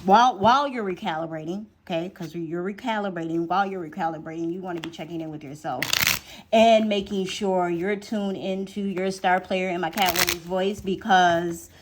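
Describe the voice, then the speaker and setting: Against a noisy background, a woman with a lowish voice gives a chatty tarot reading at normal speed. She repeats phrases for emphasis and slips into a whisper while drawing cards.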